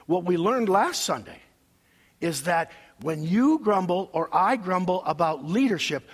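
A man's voice: high-pitched, breathy edge, long reverb tail. A male pastor preaching a sermon, emphatic and preacherly, leading his congregation in call-and-response.

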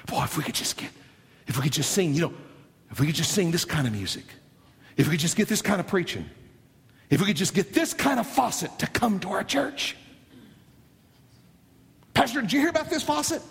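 A man preaches with dramatic swings, dropping low and soft before climbing to near shouts. His pitch sits slightly high and moves a lot. The sound carries a long reverb, as in a large hall. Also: sing-song, fairly quick, vocal fry. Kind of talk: sermon.

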